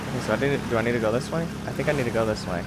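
A man's voice: medium pitch, racing. A man giving goofy, mildly crude commentary while playing a video game. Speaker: gamer. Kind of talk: gameplay commentary. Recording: noisy, with game sound behind.

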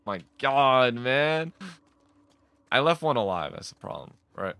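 A man's voice: mid-range voice, very animated, slow, fairly bright tone, smooth, no echo. A man giving casual commentary while playing a game, jumpy and exasperated, often swearing and laughing. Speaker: let's play gamer.

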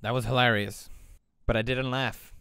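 A young man hosting a reaction video, mock-serious and profane, with sudden exaggerated shouts. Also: medium pitch, steady tone, moderate pace, creaky, a little hiss or hum. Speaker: video host. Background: music.

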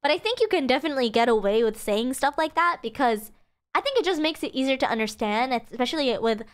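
A woman's voice: high-pitched, lively intonation, fast, clean tone. A young woman explaining Japanese phrases in a casual livestream lesson. She is chatty, giggles often and fills her talk with "um" and "like.". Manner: chatty and giggly, frequent fillers. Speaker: streamer teaching Japanese.

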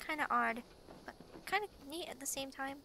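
A woman casually commenting while she plays a game, chatty and excitable, often giggling. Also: sits high, normal speed, creaky, no echo. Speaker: gameplay channel host. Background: game music.

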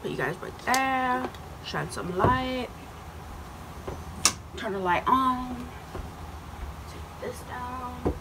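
A woman's voice: fairly high pitch, drawn-out words, long pauses, heavy background noise. A young adult woman chatting casually to her vlog camera at home and in her car, rambling with lots of fillers like "um" and "like". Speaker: vlogger. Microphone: handheld phone.

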